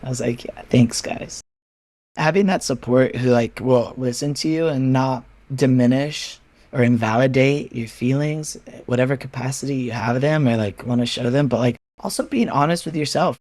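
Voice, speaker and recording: A candid man in an unhurried podcast chat, mid-range voice recorded close and dry. He talks frankly and swears casually, slipping into animated impressions of his friends as he tells stories. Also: mid-range voice, dry recording. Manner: animated storytelling, acting out friends' replies. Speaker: podcast guest. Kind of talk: candid personal conversation.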